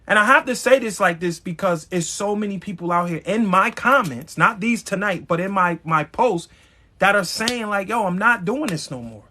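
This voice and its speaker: A man's voice: high voice, normal speed, bright, forceful tone. A man hosting a live stream, giving a blunt, emphatic motivational talk straight to his viewers, with some profanity. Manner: addresses viewers directly.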